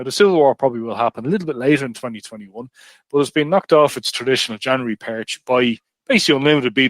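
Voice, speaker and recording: A man hosting a podcast, joking and moving briskly through the topics. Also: medium pitch, no room sound. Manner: brisk, jokey, runs the segments. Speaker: podcast host. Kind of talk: casual podcast chat.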